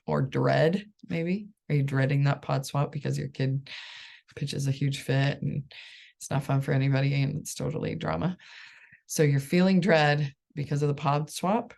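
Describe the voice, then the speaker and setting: A woman with a low, gravelly voice talks through a coaching idea in a relaxed solo chat. Her tone is reassuring and conversational, and she keeps tossing in "right?" to check in with her listeners. She laughs softly now and then. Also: normal speed. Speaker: life coach. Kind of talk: casual solo coaching talk.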